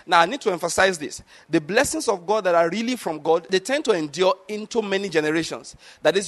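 High-voiced emphatic male preacher. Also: a bit bright. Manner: emphatic, repeatedly asks the congregation if they follow. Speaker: pastor. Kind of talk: sermon.

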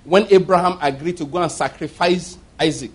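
Husky-voiced male preacher, emphatic storyteller. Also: fairly high pitch, fairly quick. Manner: emphatic storytelling preacher who acts out quoted speech. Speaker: pastor. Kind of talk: sermon.

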